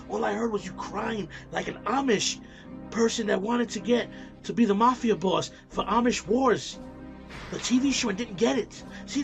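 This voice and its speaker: A man with a high, gravelly voice mocks his opponent in a trash-talking wrestling promo. Clear music plays behind him throughout. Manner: mocking, insulting. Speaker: online wrestling league competitor.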